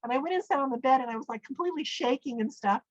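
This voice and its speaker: Middle-aged woman guest, animated storyteller, slightly high voice, lo-fi sound. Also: very fast, dry recording. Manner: animated storyteller, acts out quoted speech with big pitch jumps. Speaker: podcast guest. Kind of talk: personal storytelling in an interview. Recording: dull, dry lo-fi audio.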